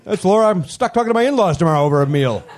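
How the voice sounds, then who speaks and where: A man works the crowd from a comedy club stage, needling audience members with sarcastic, playful jabs. His voice sits high and leaps around expressively as he riffs. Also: expressive, background noise. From Canada. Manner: teasing, sarcastic, quick to riff. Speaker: comedy podcast host. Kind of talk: live comedy crowd work.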